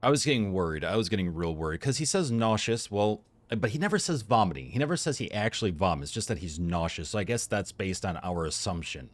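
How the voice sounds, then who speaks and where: A man with a fairly low voice talks through a game session in lively, swooping tones. He thinks out loud, reads the on-screen text and cracks jokes at the characters as he weighs each choice. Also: brisk, hardly any pauses. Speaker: gameplay commentator. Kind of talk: let's play commentary.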